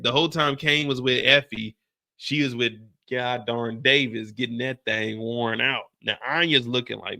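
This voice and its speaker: A man's voice: medium pitch, steady tone, normal speed, vocal fry, sharp tone. A man hosting a casual TV episode recap, telling it in a brash, profane style with personal asides. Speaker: TV recap host.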